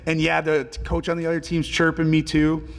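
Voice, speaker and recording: A man in his twenties, a pro hockey player telling stories as a podcast guest in a relaxed, filler-heavy way and swearing casually. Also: on the high side, brisk, vocal fry, long reverb tail. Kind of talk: casual storytelling interview.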